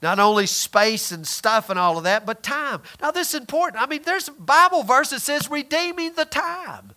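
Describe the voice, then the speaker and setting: A man delivers a sermon in a high, ringing voice. He is emphatic, swinging from loud declarations to hushed asides, and acts out the people in his retellings. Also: animated, normal speed. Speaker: preacher.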